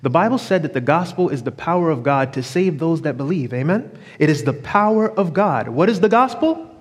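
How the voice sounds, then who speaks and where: A man's voice: on the high side, animated, a little fast, breathy edge. A man preaching a sermon from the pulpit, drawing out phrases for emphasis and calling for responses from the congregation. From New York. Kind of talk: sermon with storytelling. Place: church sanctuary. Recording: long reverb of a church hall.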